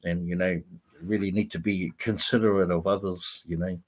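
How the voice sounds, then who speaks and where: A man's voice: low-pitched, fairly even intonation, normal speed. A man hosting a livestream, reading out viewer comments and rambling in a chatty way with frequent laughter. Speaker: vlogger host.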